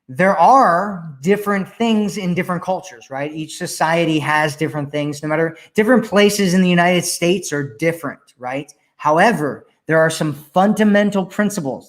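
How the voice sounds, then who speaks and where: A man hosting a live question-and-answer stream as a dating coach, reading viewer comments aloud and answering them emphatically, repeating his key points. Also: a little high.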